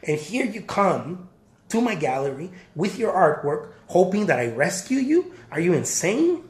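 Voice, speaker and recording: Emphatic male artist talking straight to camera at home, a bit high-pitched, roomy echo. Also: very animated, measured pace. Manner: emphatic, repeats points, addresses viewers as guys. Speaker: artist giving career advice. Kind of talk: casual vlog talk to camera. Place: home, near a backyard.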